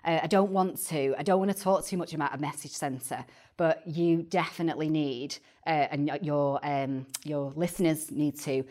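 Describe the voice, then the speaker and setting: A woman, a guest chatting on a podcast about early years teaching, animated and often repeating words as she starts a thought. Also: low voice, normal speed, few pauses. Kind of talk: casual podcast chat.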